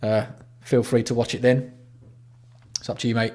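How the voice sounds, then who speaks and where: Man, English, livestream host, casual chat, blunt, swearing, banter with viewers, middle pitch. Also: little pitch movement, moderate pace, mellow. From England.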